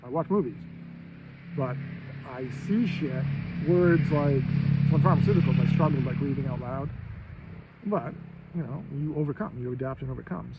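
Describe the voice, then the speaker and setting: A man in his fifties from Maine, talking in a rambling, profane casual monologue with loud bursts of emphasis. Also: mid-range voice, highs cut off, very noisy. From Maine, USA. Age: 50s. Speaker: host.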